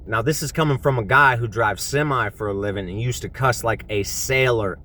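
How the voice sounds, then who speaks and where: A man's voice: on the low side, a bit bright, a little hiss or hum. Emphatic man giving a faith talk. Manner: emphatic and repetitive, with casual slang. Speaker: truck driver sharing faith.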